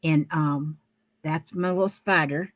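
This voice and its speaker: A woman's voice: low voice, fairly even intonation, a little slow, dry recording. An older woman talking casually to camera at home while she shows her handmade crafts, rambling and homey, with lots of fillers and restarts.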